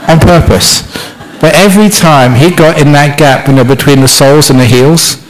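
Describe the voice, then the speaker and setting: A man's voice: a little high, a little slow, low-quality recording. A man giving a humorous Buddhist talk as a monk teacher, telling stories playfully with self-mocking humour.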